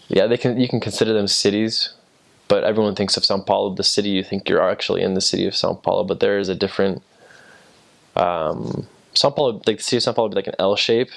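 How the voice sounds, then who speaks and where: A man's voice: fairly low pitch, creaky. A young American man, a returned missionary, casually telling stories with lots of fillers and restarts. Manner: rambling, many fillers and restarts. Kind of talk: casual storytelling.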